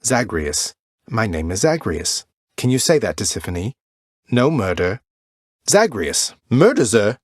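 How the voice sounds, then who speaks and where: Wry, good-natured young underworld prince, lowish voice, dry studio sound. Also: male voice, no echo. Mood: coaxing. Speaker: video game protagonist. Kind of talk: game voice lines.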